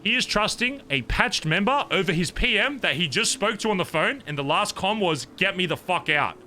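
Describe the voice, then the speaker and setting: A man in a roleplay scene, recounting a betrayal in a heated, profane rant. His voice is bright and tense, pitched a little high. It swings widely as he vents. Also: normal speed, slight background noise. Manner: heated, profane venting, animated retelling. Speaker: streamer in character. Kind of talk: in-character roleplay conversation.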